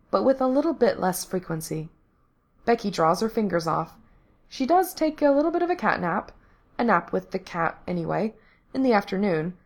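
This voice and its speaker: A woman reads a story aloud at a steady, even pace, with a clear, middle-pitched speaking voice. Her narration stays plain and unhurried.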